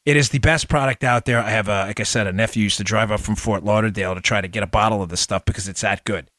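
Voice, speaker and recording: A man's voice: lowish voice, steady tone, a bit bright, dry recording, clean studio sound. A middle-aged man hosting a political podcast, heated and emphatic, lecturing his listeners. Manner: brisk upbeat ad read.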